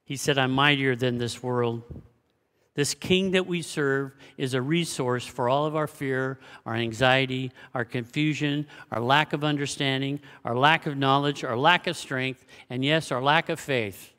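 A man preaching a sermon as pastor, swinging between loud exclamations and hushed, low passages. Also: normal speed, hardly any pauses. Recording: long hall reverb.

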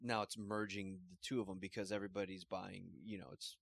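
A man in casual chat, calmly explaining a tech change to his co-host. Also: deep voice, a little fast, vocal fry, no echo. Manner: relaxed listener, explains things plainly.

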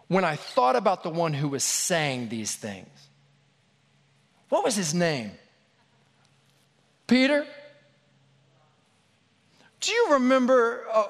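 A man's voice: high voice, fairly bright tone. A man preaching a sermon in a conversational, storytelling way with casual asides, in a large hall. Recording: long hall reverb.

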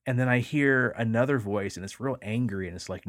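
A man's voice: mid-range voice, fairly quick, no room sound, clean studio sound. A man hosting a podcast, telling a story in a casual, rambling way, with lots of fillers and the odd swear word. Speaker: podcast host.

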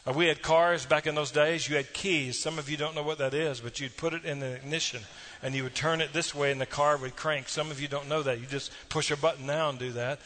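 A man's voice: on the high side, steady tone, brisk, hardly any pauses, a bit bright. Folksy preacher man. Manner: folksy storytelling with audience asides. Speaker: pastor. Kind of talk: sermon.

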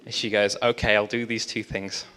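A man preaching as a pastor, telling a story lively with quoted dialogue. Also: lowish voice, normal speed, a little hiss or hum. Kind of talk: sermon storytelling. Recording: long reverb of a large hall.

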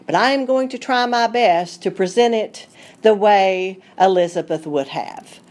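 A woman's voice: mid-range voice, a little slow, a little mellow. Folksy Southern Appalachian woman. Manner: folksy, chatty delivery. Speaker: food writer. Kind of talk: recorded radio segment.

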